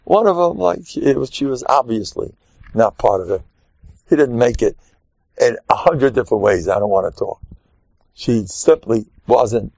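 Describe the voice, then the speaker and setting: A man's voice: mid-range voice, moderate pace, gravelly, no room sound. An older man, giving a rambling sermon. He acts out quotes and chuckles between points. The recording is dry and a little muffled. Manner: animated storyteller, acts out quotes, chuckles often. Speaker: rabbi giving a talk. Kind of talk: informal sermon with stories.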